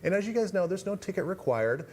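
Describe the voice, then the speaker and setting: A man's voice: high-pitched, fast talker, breathy edge. A man co-hosting a television talk show, telling stories in a casual, self-deprecating way. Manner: animated storyteller, self-deprecating. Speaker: TV show co-host. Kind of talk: casual studio chat. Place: TV studio.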